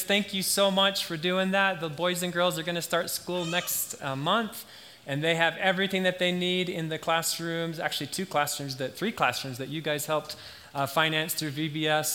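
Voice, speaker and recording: A man's voice: a little high, pushed and bright. A man preaching a casual, joking sermon as a visiting missionary, with friendly, self-deprecating banter with the congregation. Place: church sanctuary.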